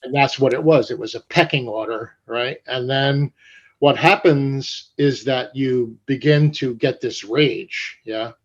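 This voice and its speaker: An older man from New Jersey telling stories in an interview, animated and profane, acting out the voices of people he quotes. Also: mid-range voice, a little slow. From Paterson, New Jersey. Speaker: guest. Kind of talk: storytelling interview. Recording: dull lo-fi sound.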